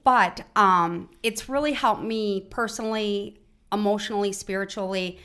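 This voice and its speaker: A woman's voice: medium pitch, measured pace, a bit bright, clear, resonant tone. Female host, mid-range voice, reflective, casual parenting talk. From Michigan, United States. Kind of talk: casual conversation about parenting.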